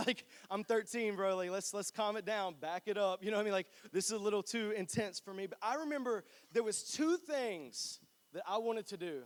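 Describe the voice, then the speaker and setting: A young man with a fairly high voice preaches a sermon to his church. He talks in a casual, joking way and tells stories from his own life. He is from North Carolina. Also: a little fast. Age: 20s. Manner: chatty, joking, animated storytelling. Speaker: pastor.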